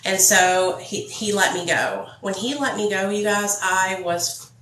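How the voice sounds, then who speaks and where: A woman's voice: mid-range voice, a little slow, fairly bright tone, roomy sound, low-quality recording. A woman telling her own story to viewers in a casual, blunt, profane vlog. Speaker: vlogger.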